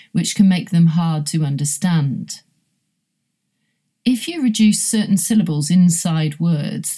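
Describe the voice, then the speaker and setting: A woman teaching English pronunciation on a podcast, explaining carefully and saying example words slowly. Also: lowish voice, dark tone. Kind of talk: podcast lesson.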